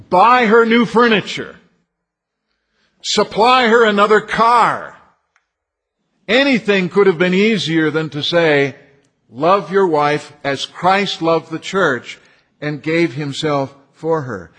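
A man preaching a sermon in a measured way, repeating key phrases for emphasis. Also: fairly high pitch, fairly bright tone.

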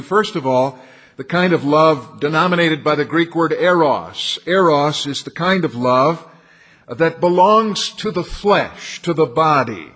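A man delivers a sermon from the pulpit, his voice sitting somewhat high for a man. He speaks in a measured way and often repeats key phrases to drive them home. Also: fairly bright tone. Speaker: preacher.

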